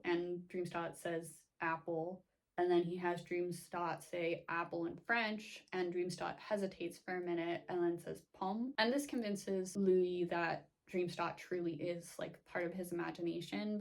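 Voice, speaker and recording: A woman casually recapping a TV series for her vlog, flippant and chatty, with lots of "like". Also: lowish voice. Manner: chatty, flippant, filler-heavy with frequent "like". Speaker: recap vlogger.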